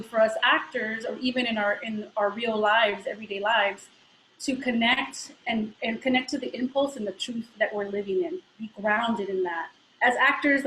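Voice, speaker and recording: A woman's voice: a little high, a bit bright, echoey room, a little hiss or hum, rough recording. A woman from the Bay Area, an actor and voice teacher, talking earnestly and thoughtfully as a guest in a casual live interview over a video call. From San Francisco Bay Area. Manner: earnest, reflective, with filler pauses.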